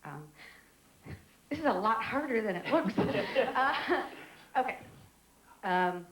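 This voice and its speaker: A woman's voice: on the high side, animated, slow pace, noisy background. An actress playing a middle-aged woman in a soap opera, hesitant and joking as she tries amateur stand-up. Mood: nervous. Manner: hesitant, with ums and laughs on stage. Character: flustered, witty woman trying amateur stand-up. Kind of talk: 1990s daytime soap acting. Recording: echoey room with music behind.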